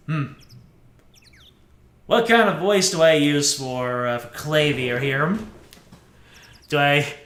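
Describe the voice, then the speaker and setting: A man musing slowly over a game, roomy sound. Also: on the high side, bright, forceful tone. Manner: musing aloud, hesitant restarts. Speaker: streamer. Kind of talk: let's play commentary. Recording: echoey room.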